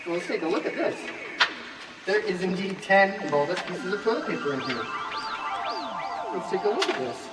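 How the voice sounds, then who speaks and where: Playful young man, lively high voice. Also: normal speed, pauses often. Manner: playful, puts on squeaky voices for characters. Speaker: host. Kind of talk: goofy kids' show banter. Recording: roomy, distant mic with music.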